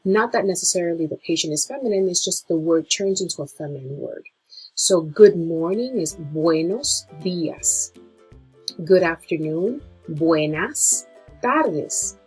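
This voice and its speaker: Husky-voiced woman teaching a lesson. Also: fairly low pitch, low-quality recording. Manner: slow, drawn-out pronunciation of Spanish words. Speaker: nurse teaching Spanish. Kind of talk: slide-based language lesson.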